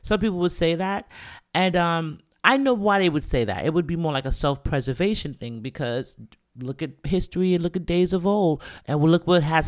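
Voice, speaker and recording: A man talks loosely on his own podcast, circling back and filling pauses as he goes. His voice sits a little high for a man, and the delivery is animated and rambling. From the Bronx, New York. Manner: animated, rambling, many fillers. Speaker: podcast host and rapper. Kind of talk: casual opinion talk.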